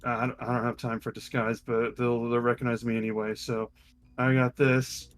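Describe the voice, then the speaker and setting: A man voicing a swaggering, gallant male warrior who talks in a quick, cocky way. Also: medium pitch, level tone, lightly acted. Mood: resolute.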